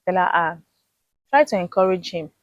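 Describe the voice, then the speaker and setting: A wife explains her habits in a relaxed interview, slipping into short acted-out exchanges. Her pitch is ordinary for a woman. The recording is dry and close. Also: normal speed, no echo, highs cut off. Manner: explains patiently, acts out dialogue. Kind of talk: casual interview chat.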